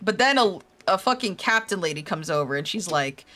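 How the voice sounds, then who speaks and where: A woman's voice: on the low side, expressive, a little fast, hardly any pauses, pushed and bright. A young adult woman streaming a game, recapping its story in casual chat, swearing freely and laughing often.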